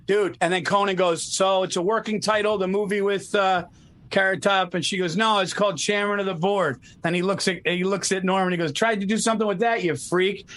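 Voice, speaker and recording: A man hosting a casual chat over a video call, retelling stories with animated energy, swearing and saying dude a lot. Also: sits high, a little fast. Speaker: podcast host.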